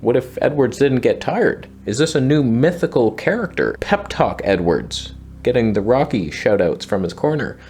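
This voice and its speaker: Lively, joking man talking fights. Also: medium pitch, moderate pace, hardly any pauses, slight background noise. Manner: joking, sarcastic asides. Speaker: podcast host. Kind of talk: casual fight-prediction commentary.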